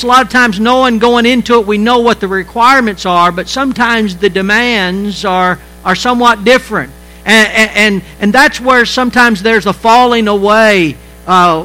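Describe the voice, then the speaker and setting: A man preaching a sermon as pastor, halting and repeating words, shifting between quiet stretches and emphatic lines. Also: high-pitched, low-quality recording.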